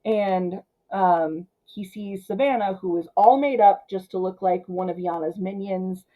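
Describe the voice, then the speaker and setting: A woman hosting a casual film recap, chatty and full of filler words, who acts out the characters' lines in quick paraphrase. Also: mid-range voice, narrow, tinny audio. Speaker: film channel host.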